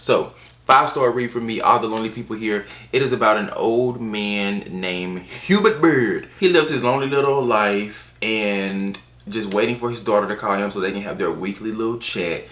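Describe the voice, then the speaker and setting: A man casually reviewing books on his channel, chatty and animated, with playful asides. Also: on the low side, echoey room, slight background noise. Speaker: book reviewer. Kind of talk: casual book review vlog.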